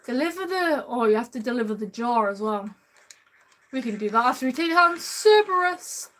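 A woman's voice: on the high side, animated, moderate pace, a bit bright. A woman streaming gameplay live, chatting with viewers in an upbeat way and calling them man and bro. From United Kingdom.

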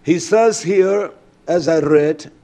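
A man preaching a sermon with fervent delivery that moves between shouts and quieter stretches, breaking in with repeated hallelujahs. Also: on the high side, slow. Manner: fervent, rising to shouts, then quieter and reflective.

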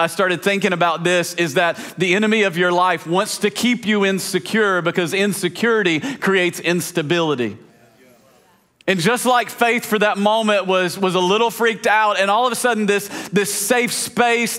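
Casual storytelling pastor, fairly high voice. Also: male voice. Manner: casual, chatty, many fillers and restarts; lively storyteller, laughs along. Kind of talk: storytelling sermon.

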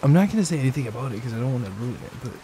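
A young man in a whispered role-play as a boyfriend, gentle, affectionate and reassuring, speaking into a desk microphone at home. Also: medium pitch, expressive, rapid-fire, slight background noise, poor audio. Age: young adult. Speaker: ASMR creator. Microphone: desk microphone at a gaming setup.

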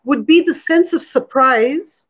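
A woman's voice: high-pitched, measured pace, fairly bright tone, muffled recording. A woman discussing a novel in a literary conversation, speaking thoughtfully and searching for her words. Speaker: poet and interviewer.

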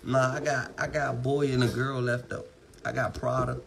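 A man's voice: mid-range voice, flat delivery, moderate pace, creaky, crowd noise, poor audio. A man on a live phone stream, talking loosely with lots of profanity while his dogs are around. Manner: loose, profane street talk. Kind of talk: casual live-stream talk.

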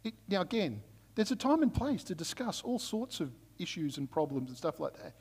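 A man's voice: high-pitched, very animated, normal speed, darkish tone, slightly rough. Male pastor in a reverberant hall. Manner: conversational storytelling, frequent "right?" check-ins. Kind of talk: sermon. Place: church. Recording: long reverb of a church hall.

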